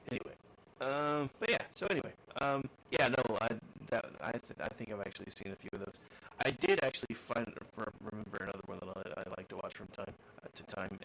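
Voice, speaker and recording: A man's voice: fairly low pitch, a bit bright, a little hiss or hum, poor audio. A man co-hosting a radio talk show, rambling and correcting himself as he chats. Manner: rambling, self-correcting chatter. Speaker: co-host. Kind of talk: casual chat.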